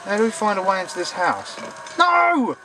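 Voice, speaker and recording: Excitable gamer with a lively voice. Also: male voice, high voice, fast talker, rough recording. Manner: excitable, swearing jokingly at the game. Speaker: let's play gamer. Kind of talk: gaming commentary.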